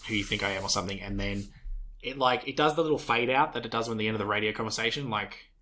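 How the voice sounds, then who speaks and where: A man's voice: medium pitch, fast talker, pushed and bright. A man co-hosting a gaming podcast, eagerly explaining plot points in long run-on sentences. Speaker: podcast co-host. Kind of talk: casual chat about a video game.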